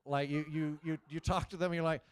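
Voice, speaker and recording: A man in his forties doing a live stand-up set, talking to the crowd in a loose, halting way with frequent restarts. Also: fairly high pitch, steady tone, clear, resonant tone, no echo, clean studio sound. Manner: conversational, halting restarts, riffs with audience. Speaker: stand-up comedian.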